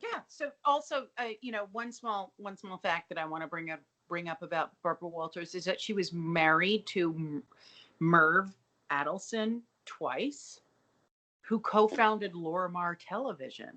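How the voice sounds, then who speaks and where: Profane, animated woman podcast co-host. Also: fairly low pitch, unhurried. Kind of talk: casual comedic recap chat.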